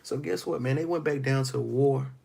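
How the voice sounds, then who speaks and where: A man leads a Bible study in a gravelly, husky voice. He reads a passage aloud and then retells it in casual street slang. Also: mid-range voice, moderate pace, a little mellow. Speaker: Bible teacher.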